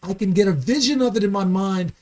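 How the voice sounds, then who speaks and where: Quick-paced and sitting high in pitch, this comedian guest in a podcast studio gets heated and emphatic during the conversation. He swears freely throughout.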